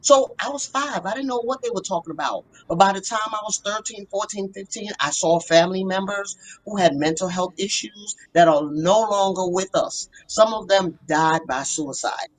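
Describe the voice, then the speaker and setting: A woman's voice: mid-range voice, normal speed, hardly any pauses, a little hiss or hum, rough recording. A woman therapist telling her story as a podcast guest, earnest and emphatic. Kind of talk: podcast interview.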